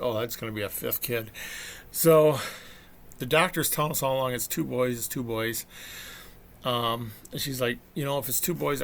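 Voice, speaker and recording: A man's voice: mid-range voice, fairly bright tone, a little hiss or hum. A middle-aged man telling a family story in a casual, rambling monologue, acting out what people said. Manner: chatty storyteller, acts out quotes. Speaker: vlogger.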